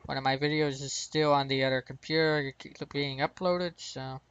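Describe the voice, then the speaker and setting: A man's voice: mid-range voice, little pitch movement, moderate pace, a bit bright, clean tone, dull audio. An American man hosting his gaming channel, rambling through casual gameplay commentary and chuckling at his own mistakes. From United States.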